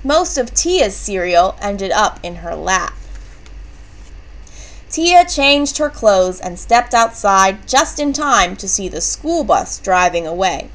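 A woman reading a children's book aloud, with clear and expressive storytelling. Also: medium pitch, slow pace, rough recording. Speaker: storybook reader.

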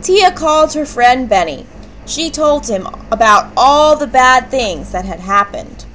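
A woman reading a children's book aloud, with clear and expressive storytelling. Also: high-pitched, a little slow, a little hiss or hum, poor audio. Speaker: storybook reader.

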